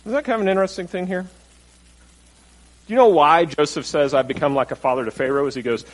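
Here the preacher talks fairly quickly in a slightly high voice with lively intonation, though the audio is poor. He addresses his congregation conversationally, throwing out questions and acting out what the story's people say.

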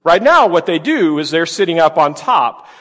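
Conversational pastor in an echoing hall. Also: male voice, fairly high pitch, normal speed. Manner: conversational, animated preaching with rhetorical questions. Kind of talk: sermon. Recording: long reverb of a large hall.

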